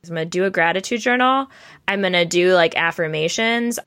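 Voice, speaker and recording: A woman's voice: fairly low pitch, a little fast, a bit bright. Here a woman hosts a podcast and chats with her guest in an upbeat, easy way. She talks ideas through on the spot as they come to her. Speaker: podcast host. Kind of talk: casual chat.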